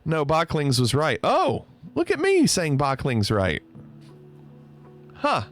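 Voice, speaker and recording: A playful man chats with his viewers, his pitch swinging widely as he teases and laughs. Soft music plays faintly in the background. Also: huge pitch swings, takes it slowly. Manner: playful, teasing, laughs often. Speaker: streamer. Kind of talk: casual livestream chat reading viewer comments.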